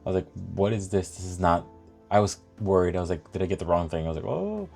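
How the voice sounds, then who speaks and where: A man chatting casually while unboxing and reviewing fragrances, animated and thinking aloud with lots of fillers. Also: sits low, fast, faint music behind.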